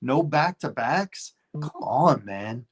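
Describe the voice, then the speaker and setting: A man's voice: medium pitch, lively intonation, slow pace, slightly rough. A man co-hosting a casual sports talk show, emphatic and exasperated, firing off rhetorical questions.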